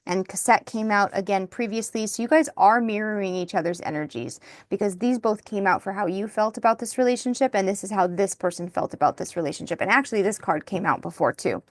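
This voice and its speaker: A woman giving an intuitive tarot reading, soft-spoken and emotional, thinking aloud as she turns the cards. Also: mid-range voice, brisk, hardly any pauses, no echo. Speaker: tarot reader.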